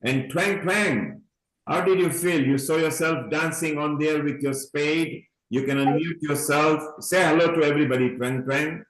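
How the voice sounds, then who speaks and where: A man's voice: a little high, steady tone, normal speed, a bit bright, echoey room, rough recording. A man hosting an online event in a chatty way, calling people honey and urging everyone on over a video call. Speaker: event host. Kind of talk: casual online event talk.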